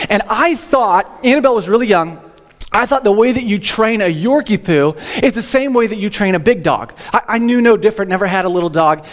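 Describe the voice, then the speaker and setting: A young man, a teaching pastor, giving a humorous, rambling sermon in church with frequent restarts. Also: sits high. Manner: jokey, rambling, repeats words when starting sentences.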